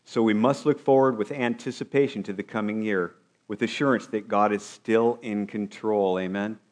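Man, pastor, sermon delivery, lowish voice, questions to the congregation. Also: steady tone, moderate pace, darkish tone. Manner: preaching with rhetorical questions to the congregation.

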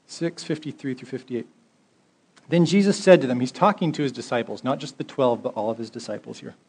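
A man's voice: medium pitch, fairly quick, darkish tone, breathy edge. A male pastor preaching a sermon, reading scripture aloud and building to emphatic exhortation in a conversational way.

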